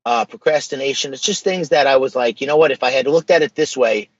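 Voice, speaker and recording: A man who runs a social media page is a guest on a podcast, chatting in a casual interview. His medium-pitched voice is husky and fast, emphatic and slangy. The sound is lo-fi.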